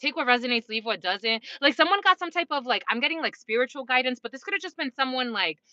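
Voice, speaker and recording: A woman with a bright, slightly high voice gives a collective tarot reading in a loose, chatty way. She swears freely and breaks into little laughs as she talks to her viewers. The recording is dry and a touch dull. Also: lively intonation, fast, no room sound. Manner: casual, profane, frequent laughing asides. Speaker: tarot reader.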